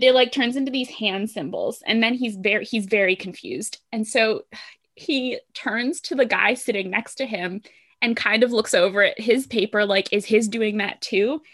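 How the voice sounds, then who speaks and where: Chatty woman recapping a show. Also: mid-range voice. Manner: chatty, relaxed retelling with filler words. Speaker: podcast co-host recapping a show. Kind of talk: casual chat.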